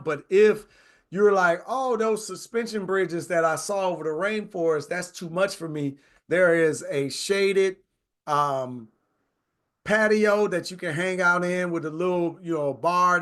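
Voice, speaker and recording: Man host, slightly higher voice, talkative. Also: fairly bright tone. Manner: chatty, conversational, says "right?" often. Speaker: travel tour host. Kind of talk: casual presentation.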